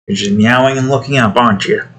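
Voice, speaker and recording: A man's voice: medium pitch, fairly even intonation, fast talker, fairly bright tone, breathy edge. A man talking casually to himself while drawing digital art, muttering about his work and snapping at his cat. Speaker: artist drawing on stream.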